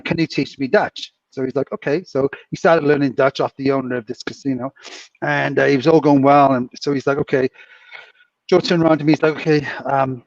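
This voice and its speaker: A man's voice: medium pitch, vocal fry, no echo. Male co-host, chuckling rambling storyteller; muffled, distant, dry pickup. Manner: rambling, chuckling anecdote teller. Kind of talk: casual storytelling chat.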